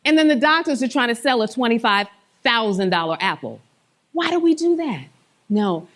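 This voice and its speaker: A woman giving a motivational conference presentation on stage, with emphatic, animated inflection. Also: on the high side, moderate pace. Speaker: conference speaker.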